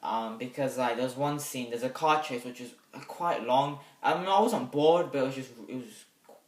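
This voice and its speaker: A young man reviewing a movie in a rambling, hesitant way, with sudden loud bursts of excitement. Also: mid-range voice, normal speed. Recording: echoey room, mic set back.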